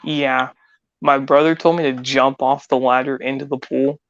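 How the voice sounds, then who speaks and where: A laid-back man talks casually on a podcast, and his voice stays flat with little rise and fall. A dull, lo-fi mic adds a faint hiss behind him. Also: medium pitch, normal speed. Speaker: podcast co-host. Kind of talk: casual chat.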